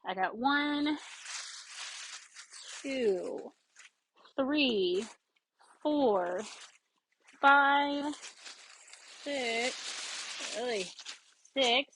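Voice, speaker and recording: A woman chatting excitedly in a casual haul video, rambling with fillers and bursts of enthusiasm. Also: on the high side, poor audio. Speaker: yarn vlogger.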